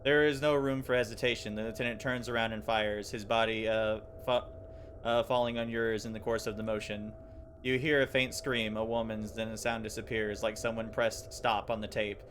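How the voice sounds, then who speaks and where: A man with a slightly low voice reads a game's story aloud on a live stream, tripping over words and breaking off to react. A faint hum runs underneath. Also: moderate pace. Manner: animated reading with stumbles and laughs. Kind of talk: reading game text aloud with reactions.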